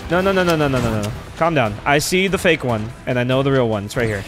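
A man doing excitable gameplay commentary, trash-talking and swearing at enemies. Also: mid-range voice, fast talker, few pauses. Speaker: let's play streamer. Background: game music.

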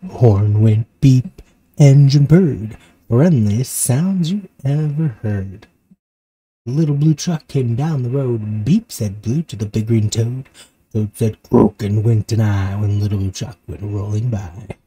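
A man reading a rhyming picture book aloud to his child in a rhythmic, expressive way. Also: mid-range voice, slow, slightly rough. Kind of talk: storybook read-aloud.

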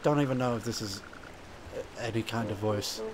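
A man giving casual gameplay commentary, self-mocking and quick to laugh at himself. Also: lowish voice, a crowd in the background. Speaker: game video commentator.

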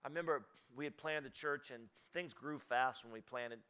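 A man's voice: medium pitch, moderate pace, sharp tone, clean tone. A male pastor preaching a live sermon in a church, telling stories in a loose conversational way with laughing asides. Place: church auditorium, live service.

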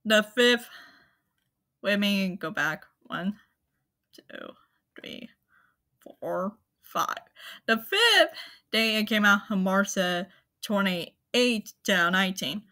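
A woman hosting her own channel, talking casually to viewers in a halting, apologetic way, with many fillers and restarts. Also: mid-range voice, animated, sharp tone. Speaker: anime channel host. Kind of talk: casual spoken rundown to viewers.

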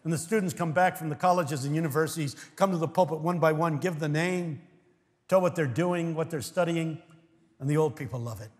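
An older American man preaching a sermon, telling stories with sudden swings from hushed words to shouts and acting out voices of his congregation. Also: fairly high pitch, brisk. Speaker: guest preacher. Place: large church. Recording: long reverb of a large church hall.

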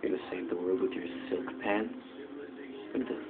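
A man's voice: sits low, steady tone, fairly quick. A young man giving casual, joking commentary over a video game and talking back to its characters. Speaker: gameplay commentator. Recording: tinny lo-fi mic with faint hiss.

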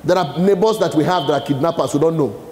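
Speaking quickly in a fairly high, slightly mellow voice, this Nigerian man delivers a leadership talk before a live audience in a big hall. He tests listeners with fill-in-the-blank prompts while the space echoes with long reverb.

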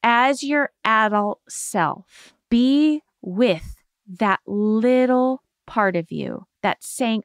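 A woman hosting a self-help show, explaining a healing exercise in a gentle, reassuring coaching tone. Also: medium pitch, expressive, slow, creaky, no room sound, clean studio sound. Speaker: podcast host giving therapy advice.

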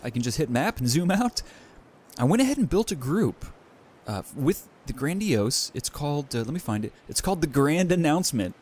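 Excitable young man narrating gameplay. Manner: enthusiastic, bursts of high excitement. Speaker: let's play host.

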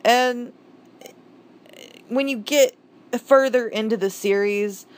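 A woman's voice: on the high side, takes it slowly, smooth. A woman casually reviewing manga, rambling with restarts, swearing freely, gushing and exasperated by turns.

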